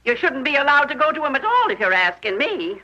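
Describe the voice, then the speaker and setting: An actress playing a disapproving middle-aged aunt who scolds and complains, in a 1930s film. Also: female voice, high voice, sing-song, fairly quick, pushed and bright, exaggerated voice. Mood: scolding. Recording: muffled 1930s film soundtrack.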